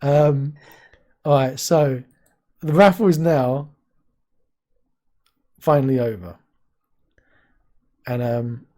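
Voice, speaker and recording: An excitable man chats loosely on a live stream, laughing a lot and jumping up into high yelps. His voice is mellow and soft-edged, talking into a desk mic. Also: takes it slowly, long pauses. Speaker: streamer host. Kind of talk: casual live-stream chat.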